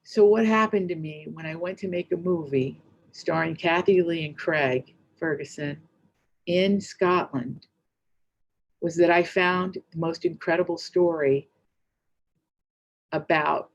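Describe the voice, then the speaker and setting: A middle-aged woman giving a keynote speech, telling a story in a chatty, rambling, animated way with quick asides. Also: on the low side, dull audio. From United States. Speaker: keynote speaker.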